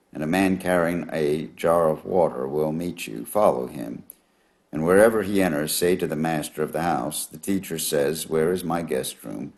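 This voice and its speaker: Man w a super deep low voice reading the bible, slow and steady. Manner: measured, steady reading aloud. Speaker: scripture reader.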